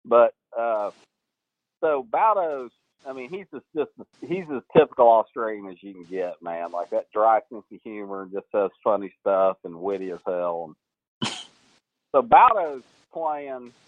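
A man, a golf coach guest, telling animated stories in a podcast interview and acting out what people said, laughing often. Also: lowish voice, a little slow, no room sound, narrow, tinny audio. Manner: animated storyteller, acts out quotes, laughs often.

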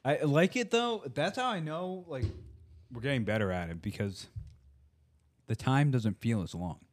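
A man's voice: medium pitch, lively intonation, moderate pace, a little hiss or hum. A young man co-hosting a podcast, chatting casually and joking around. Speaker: podcast co-host. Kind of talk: casual chat.

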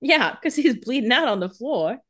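A woman's voice: on the high side, animated, moderate pace, a bit bright. A woman co-hosting a casual TV recap, chiming in with playful paraphrases of the characters. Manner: chimes in with playful paraphrases and laughs. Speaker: podcast co-host.

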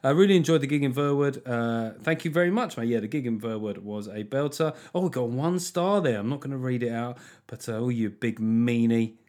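A middle-aged comedian talking alone into a podcast mic in a mid-pitched, everyday voice. He rambles, doubles back on himself and drops wry, self-mocking asides. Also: brisk, a little mellow. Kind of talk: casual solo podcast chat.

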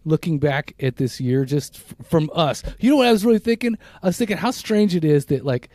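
A man in his fifties co-hosting a podcast, chatting casually in a rambling, reflective way with halting restarts. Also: a little high, very animated, mellow, dry recording, clean studio sound. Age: 50s. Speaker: podcast co-host. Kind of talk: casual chat.

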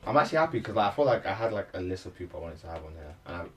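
Low-voiced podcast host, quick and lively, distant noisy mic. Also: male voice. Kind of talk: casual chat.

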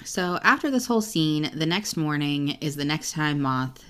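A woman's voice: low voice, lively intonation, normal speed, fairly bright tone, clear, resonant tone. A young woman co-hosting a book podcast, chatting casually, swearing freely and reading passages aloud. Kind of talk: casual chat.

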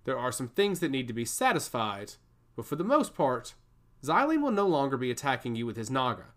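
A man's voice: mid-range voice, huge pitch swings, fairly quick, fairly bright tone. A man voicing a smug, scheming male servant of a god who taunts and giggles, in a storybook reading. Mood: taunting.

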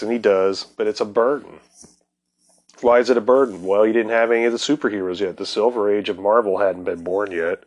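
A fairly low-voiced man talks through comics history in a loose, rambling podcast monologue. He swears constantly, speeds up when he gets worked up and laughs at his own asides. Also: a little fast. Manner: profane, excitable storyteller who laughs often. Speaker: podcast host. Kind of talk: casual comics commentary.

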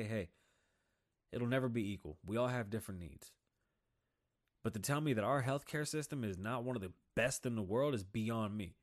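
A man hosting his own show, ranting heatedly about politics, swearing often and mocking the people he disagrees with. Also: medium pitch. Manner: heated, profane, mocking voices of opponents. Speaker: podcast host. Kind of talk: opinionated political rant.

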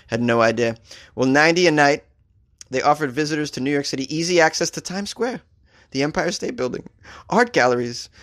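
A man's voice: a little high, a bit bright, no room sound, studio quality. A man from Boston with a Boston accent, hosting comedic news commentary, sarcastic and laughing between jokes. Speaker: host.

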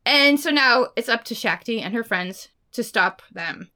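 A woman co-hosting a book podcast, chatting casually and talking about books in an excited, expressive way. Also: fairly high pitch, measured pace. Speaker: podcast co-host.

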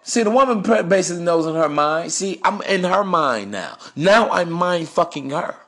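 A man with a slightly high voice holds forth on dating, swaggering and preachy, dropping crude words with total confidence. Faint music runs behind him. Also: animated, moderate pace, fairly bright tone. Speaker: podcast host. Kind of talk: dating advice monologue.

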